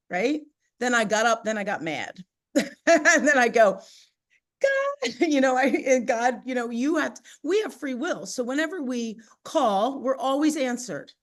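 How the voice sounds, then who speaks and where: Chatty woman telling a personal story. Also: fairly high pitch. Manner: animated, chatty, laughs often, many "you know" and "right?" fillers. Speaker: podcast guest.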